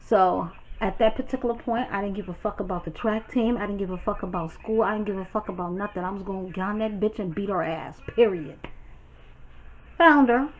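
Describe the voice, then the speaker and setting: A woman from Brooklyn, telling a story to her viewers in a chatty, animated and profane way. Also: mid-range voice, fast talker, few pauses, muffled recording. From Brooklyn, New York. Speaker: storytime vlogger. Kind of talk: casual storytelling.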